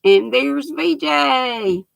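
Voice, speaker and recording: A woman's voice: sits high, animated, extremely slow, vocal fry, no room sound, low-quality recording. An older woman, hosting a livestream in a folksy, chatty way, reading out comments from her viewers. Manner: folksy, chatty, laughs often. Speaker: livestream host.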